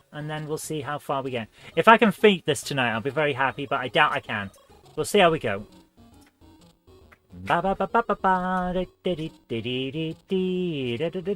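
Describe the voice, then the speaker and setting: A man's voice: a little high, bright, forceful tone. Chatty gaming streamer, man. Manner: chatty, rambling, self-mocking. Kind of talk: live-stream chat while gaming.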